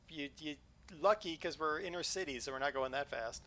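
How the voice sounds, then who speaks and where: Casting: male game streamer, bright and a touch high, playful and jokey, loose live chat. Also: unhurried. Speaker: livestream host. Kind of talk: casual game commentary.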